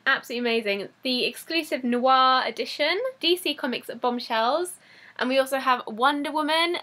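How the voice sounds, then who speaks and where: Excitable girl unboxing fan mail, high bright voice, keeps gushing. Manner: gushing, excitable, laughs often. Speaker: YouTuber opening fan mail. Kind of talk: casual unboxing vlog.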